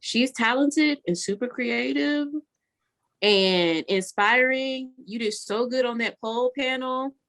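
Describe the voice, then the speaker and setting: A woman's voice: a little high, takes it slowly, a bit bright. A woman co-hosting a podcast, chatting casually and enthusiastically hyping up her friends. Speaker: podcast co-host. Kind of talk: casual chat.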